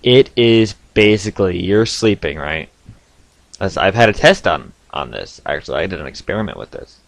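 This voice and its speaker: A young man telling stories to camera from his home basement in a casual, animated way, with sudden loud outbursts and frequent laughs. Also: deep voice, normal speed, gravelly, dry recording. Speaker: vlogger.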